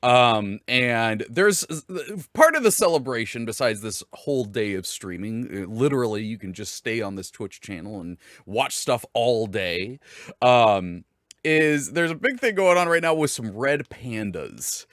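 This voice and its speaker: Bright, lively man hosting a stream. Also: mid-range voice, a little slow, dry recording, studio quality. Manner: upbeat and giggly, often laughing. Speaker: stream host. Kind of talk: casual livestream chat.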